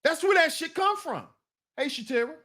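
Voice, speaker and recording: High-voiced scolding man ranting. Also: expressive, moderate pace, pushed and bright. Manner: blunt, scolding, talks back to viewers. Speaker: commentary channel host. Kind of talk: casual commentary rant.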